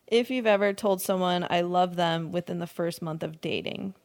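Lightheaded from skipping food, a young podcast host in her twenties rambles through her solo show, laughing often and cursing without restraint. She talks slowly with long pauses, in a lowish, a little mellow voice with fairly even intonation.

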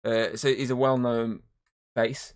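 A man's voice: medium pitch, flat delivery, measured pace. A man co-hosting a podcast, chatting casually, rambling and swearing as he retells movie scenes. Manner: rambling, swears a lot, acts out scenes in voices. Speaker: podcast co-host. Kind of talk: casual chat.

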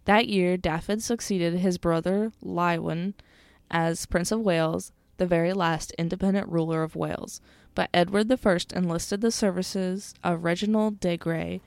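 Tired teasing woman cohost, lowish voice, dry mic, reads steady from notes. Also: normal speed, gravelly, dry recording. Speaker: podcast co-host. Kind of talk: casual chat and reading history.

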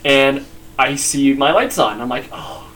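A young man telling animated, rambling stories in casual chat with friends, swearing now and then. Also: mid-range voice, a little slow. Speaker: guest.

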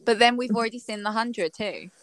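A woman's voice: a little high, brisk. A woman co-hosting a casual podcast, laid-back and laughing, with some casual swearing. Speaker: podcast co-host. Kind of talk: casual chat.

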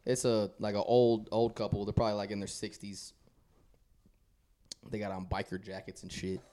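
A man telling a casual story on a podcast, animated and laughing as he goes. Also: lowish voice, normal speed. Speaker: guest on a podcast.

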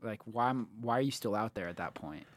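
A young man co-hosting a sports show in casual chat, laid-back and quick to laugh. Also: fairly low pitch, expressive. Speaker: podcast co-host.

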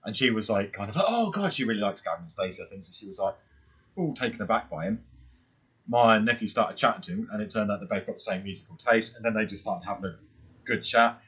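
A man chats on an unedited podcast, rattling along fast in a low voice. His voice has a husky edge, and he tells stories with swearing and the odd silly voice. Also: a bit bright. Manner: chatty storyteller, swears, puts on silly voices. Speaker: podcast co-host. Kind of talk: casual unedited chat. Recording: unedited home podcast mic.

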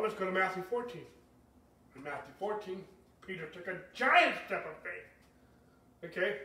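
High-voiced animated male preacher, echoey. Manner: animated preaching, rising to shouts, asks the congregation questions. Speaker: pastor. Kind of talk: sermon. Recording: echoey room, speaker far from mic.

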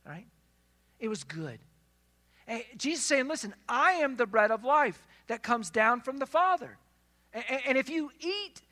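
A pastor preaching a sermon in a conversational way, asking the listeners questions and retelling scripture as lively dialogue. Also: medium pitch. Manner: conversational, asks the congregation questions.

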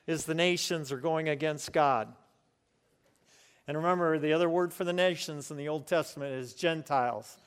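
A man from the United States preaching a sermon to his congregation in earnest, often chuckling and slowing down to stress key words. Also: on the high side, clean tone, in a large hall. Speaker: pastor. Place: church room with congregation.

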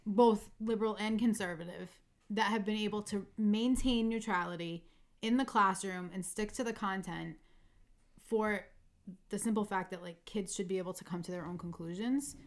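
Middle-aged woman guest, mid-pitched, earnest and questioning. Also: normal speed. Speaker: guest, a host's mother. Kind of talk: casual chat.

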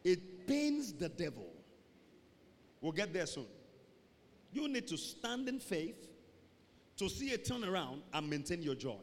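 A male pastor preaching a call-and-response sermon, swinging between loud emphatic calls and low asides. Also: very animated, unhurried, pauses often. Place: church sanctuary. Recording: reverberant church hall, faint noise.

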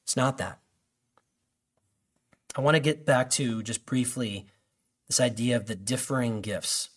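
Guy preaching, chatty and rambly, lots of um and restarts, mid pitch. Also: unhurried. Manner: conversational, rambling with restarts and fillers. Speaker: pastor. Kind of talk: sermon.

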